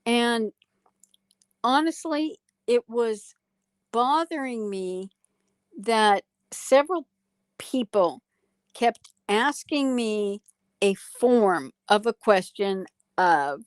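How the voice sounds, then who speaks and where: A woman, a psychologist guest on a talk show, speaking in a slow, deliberate way with emphatic pauses. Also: on the high side, smooth, no echo. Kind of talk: political talk show conversation.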